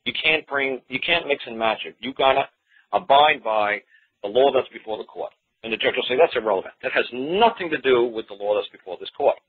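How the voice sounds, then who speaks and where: A man with a very husky, low voice speaks fast as he recounts a court story, playing out both sides of the exchange. He repeats and restarts phrases as he goes. The sound is thin and tinny, like a phone call carried over radio. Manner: quotes courtroom exchanges in animated back-and-forth; repeats himself with frequent restarts. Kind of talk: storytelling monologue.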